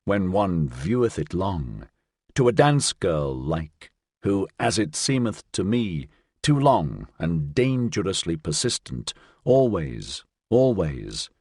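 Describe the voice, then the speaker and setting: A man's voice: lowish voice, no echo, studio quality, exaggerated voice. A man reading the part of a wanderer's shadow who sings a mock-pious desert song with declamatory, swinging delivery. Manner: declamatory, swinging between hushed and loud exclamations. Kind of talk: dramatic audiobook reading.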